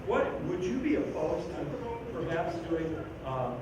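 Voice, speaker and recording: A man with a somewhat high voice coaches a school band in an animated, joking way, singing out rhythms between instructions. He is heard from far off in a very echoey band room. Steady noise sits behind him. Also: measured pace, highs cut off. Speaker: band clinician conducting a rehearsal. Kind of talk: rehearsal instruction.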